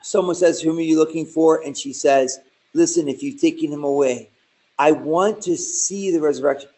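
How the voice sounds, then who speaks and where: A man preaching and teaching scripture in a conversational, animated way, with asides and jokes. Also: fairly high pitch, moderate pace, low-quality recording. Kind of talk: informal Bible teaching sermon.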